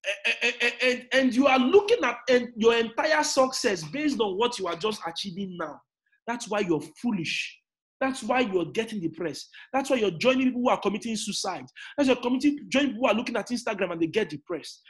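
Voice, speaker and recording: Nigerian man, 30s, motivational speaker; high-pitched, hammering repetition, hushed lines flaring into shouts. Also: expressive, brisk. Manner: emphatic, repetitive, swings from quiet to shouting. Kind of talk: motivational talk. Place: indoors in an air-conditioned room.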